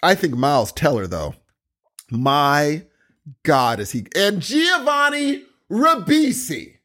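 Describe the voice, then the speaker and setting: A man talking casually about a series he loves. His voice sits a little high and swings widely as he gets excited, exclaiming often and restarting sentences mid-thought. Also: slow. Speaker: co-host discussing a TV series. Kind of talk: casual chat.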